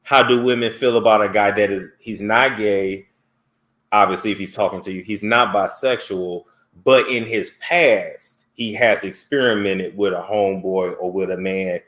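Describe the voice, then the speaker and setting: A man hosting a casual call-in chat, talking in a blunt, frank and animated way. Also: lowish voice, moderate pace, echoey room. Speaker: host.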